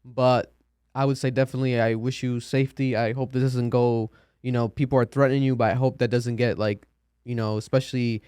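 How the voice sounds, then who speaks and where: A man's voice: mid-range voice, level tone, brisk, darkish tone, smooth, no room sound, clean studio sound. A man hosting a podcast, asking casual questions and closing the episode. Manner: casual, loose, filler-heavy. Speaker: podcast host. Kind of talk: interview questions and sign-off.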